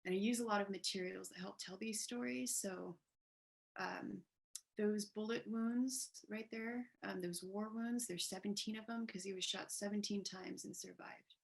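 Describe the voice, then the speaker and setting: A woman artist speaking on a video call panel, soft and halting, with many pauses and fillers, growing emotional as she talks. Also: medium pitch, fairly even intonation, vocal fry, poor audio. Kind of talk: casual panel talk. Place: downtown apartment with street noise.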